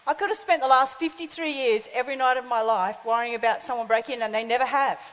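A woman's voice: a little high, fast, a bit bright. A woman in her fifties preaching a sermon, telling stories and acting out the voices in them. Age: 50s. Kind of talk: sermon with storytelling. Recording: long hall reverb.

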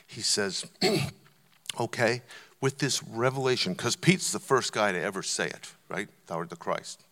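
A man preaching a sermon, telling stories and building to loud, emphatic points. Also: lowish voice, animated, unhurried. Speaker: visiting preacher. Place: church auditorium. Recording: long church hall reverb.

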